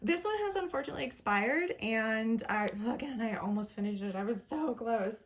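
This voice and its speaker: A woman's voice: on the high side, animated, normal speed. Chatty upbeat woman reviewing makeup. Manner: chatty, upbeat, self-deprecating with little laughs. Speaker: beauty vlogger. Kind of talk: casual product review.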